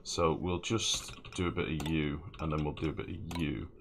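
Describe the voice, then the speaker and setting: A man's voice: a bass voice, steady tone, moderate pace, noisy background. A man chatting casually and swearing freely while he streams a game and answers chat. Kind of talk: casual gameplay commentary.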